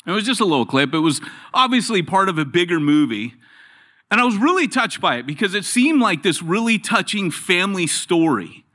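A man's voice: high voice, fairly quick. A middle-aged man preaching a sermon in a church, telling jokes and stories as he goes. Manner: joking, storytelling, animated. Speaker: guest preacher.

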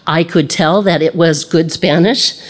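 A woman's voice: lowish voice, fairly even intonation, unhurried. A middle-aged woman teaching a casual Bible lesson, chatty, laughing easily and acting out the voices she quotes.

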